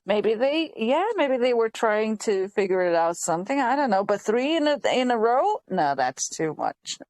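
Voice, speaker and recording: A woman hosting a casual chat, telling an animated story with lots of quoting, laughing and restarts. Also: a little high, normal speed, dry recording. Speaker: host.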